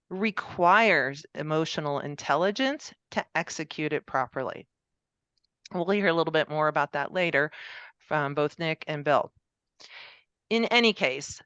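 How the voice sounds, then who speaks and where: A woman with a lower, smooth, clear voice gives a pre-recorded conference presentation. She explains her points steadily, with the odd "um" along the way. The sound is dry and a little dull. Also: fairly bright tone, no room sound.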